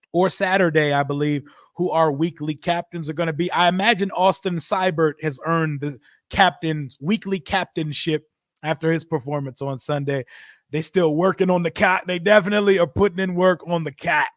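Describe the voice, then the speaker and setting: A man's voice: fairly high pitch, normal speed, no echo, clean studio sound. A man hosting a live football watch stream, reading chat aloud and calling plays in a loose, profane, joking way. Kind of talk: casual live reaction and play-by-play.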